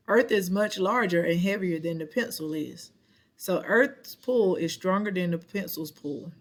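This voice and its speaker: A person slowly reading a short science passage and quiz questions aloud, stopping now and then to correct themselves. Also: mid-range voice. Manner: slow, careful reading with self-corrections. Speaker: reading lesson reader.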